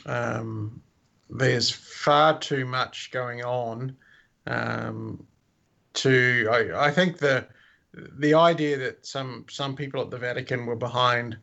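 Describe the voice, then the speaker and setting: A man co-hosts a podcast in a gravelly, bright voice. He talks hesitantly and works his thoughts out as he goes. The recording sounds dull and lo-fi. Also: medium pitch. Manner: hesitant, thinking aloud. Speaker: podcast co-host. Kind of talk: casual podcast chat.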